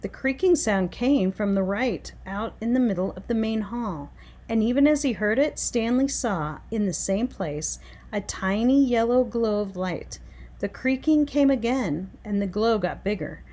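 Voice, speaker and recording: A woman reading a children's chapter book aloud, expressive and dramatic. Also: mid-range voice. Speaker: reader. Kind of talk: storybook read-aloud.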